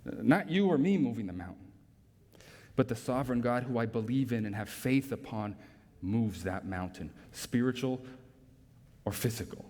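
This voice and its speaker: A man's voice: medium pitch, expressive, normal speed, dark tone. A man preaching a sermon as pastor, emphatic, drawing in listeners with rhetorical tag questions. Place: church sanctuary. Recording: long reverb from a large hall.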